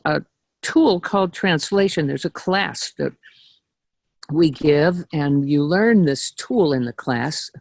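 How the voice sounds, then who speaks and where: Slow, gravelly woman leading a meeting. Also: on the low side, a little mellow, no room sound, low-quality recording. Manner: frequent throat clearing, chatty asides. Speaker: meeting leader. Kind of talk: casual teaching talk.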